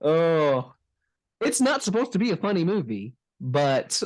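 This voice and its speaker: A man's voice: a little high, big pitch swings, unhurried. A man hosting a casual movie podcast, laid-back and full of "like" and "man". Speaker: podcast host.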